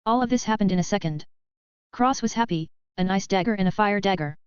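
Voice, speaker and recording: Woman audiobook narrator, steady storytelling, very clear voice, dry lo-fi sound. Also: medium pitch, brisk, no room sound. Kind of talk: scripted narration. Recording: dry, slightly dull lo-fi recording.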